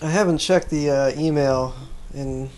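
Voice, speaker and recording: Mellow-voiced wisecracking podcast host, a man. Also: on the high side, a little slow. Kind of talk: casual banter.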